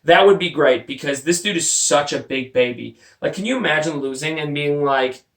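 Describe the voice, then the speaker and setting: A man's voice: a little high, moderate pace, a bit bright. A man from Texas, hosting a sports podcast and ranting bluntly and profanely, mocking the people he talks about. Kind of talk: opinionated sports rant. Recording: roomy, distant home mic.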